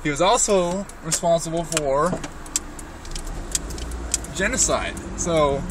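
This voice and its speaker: A man's voice: on the high side, slow pace. A young man talking to himself while driving, rambling and joking, recorded from a distance with road noise behind. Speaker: vlogger. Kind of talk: casual talk while driving. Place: in a car.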